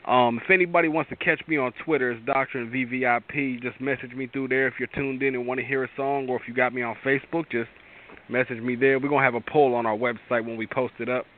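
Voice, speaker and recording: A man's voice: medium pitch, fairly even intonation, fast talker. A man hosting a gospel radio show, encouraging his guest and addressing listeners in a preacherly way. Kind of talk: casual gospel radio talk. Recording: lo-fi phone-like sound.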